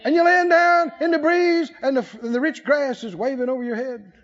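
A man's voice: very high-pitched, a little fast, a bit bright. A man preaching a sermon with emphatic calls for the congregation to answer back. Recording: slightly muffled recording.

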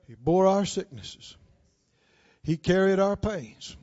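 A male preacher delivering a sermon, prodding the congregation with questions and swinging between shouts and hushed storytelling. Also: high-pitched, expressive, slow, no room sound, muffled recording.

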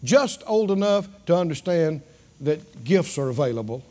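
A man preaching a sermon, drawing answers from his congregation and rising to shouts. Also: on the high side, very animated, moderate pace, slight background noise.

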